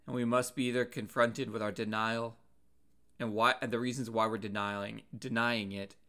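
A preacher delivers his sermon earnestly and at a measured pace, pausing and restarting words as he goes. His voice is a middle pitch with a fairly bright tone.

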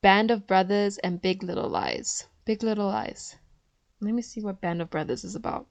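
A woman talks to her viewers in a loose, opinionated chat, often pausing for fillers as she thinks. Her voice sits at an ordinary middle pitch. The sound is dry and close, with no room echo. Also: expressive, gravelly. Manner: chatty and opinionated, with frequent fillers. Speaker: vlogger. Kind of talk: casual chat.

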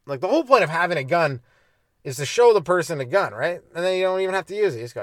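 Young male stand-up, a touch high-pitched, rambles and swears through a solo comedy rant. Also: lively intonation, racing, no room sound, studio quality. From Canada. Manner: rambling, swears, acts out little scenes in mock voices. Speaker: podcast host, stand-up comedian.

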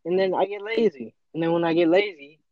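A man's voice: high voice, brisk, muffled recording. A teenage boy in casual chat, earnest and motivational, often acting out his own inner voice. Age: teens. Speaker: podcast co-host.

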